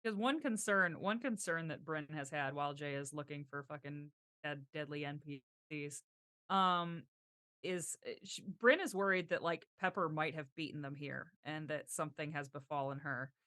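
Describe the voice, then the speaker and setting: A woman's voice: low voice, normal speed, a bit bright, dry recording, studio quality. A woman playing a tabletop game, narrating what her character does in a casual, rambling way. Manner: casual, loose narration with fillers. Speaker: player.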